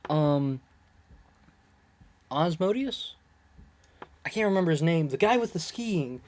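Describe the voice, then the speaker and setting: A person casually recapping a TV episode, rambling, laughing often, losing track of words and getting excited when puzzled. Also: mid-range voice, takes it slowly. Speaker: video creator reviewing a TV episode. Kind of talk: casual chatty episode breakdown.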